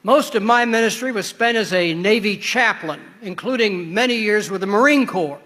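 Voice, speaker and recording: Older guy from southern illinois giving a talk, kinda high crisp voice, big echoey hall. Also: bright, forceful tone. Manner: storytelling, measured, wry asides. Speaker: retired pastor speaker. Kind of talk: formal conference address with humor. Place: large conference hall. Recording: long reverb of a large conference hall.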